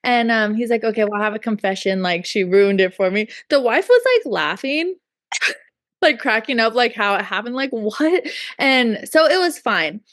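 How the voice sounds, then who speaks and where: High-voiced woman telling a chatty story. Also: lively intonation, normal speed, a bit bright, dry recording, clean studio sound. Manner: chatty storytelling, acts out quotes, many likes and ums. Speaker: podcast co-host. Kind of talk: casual chat.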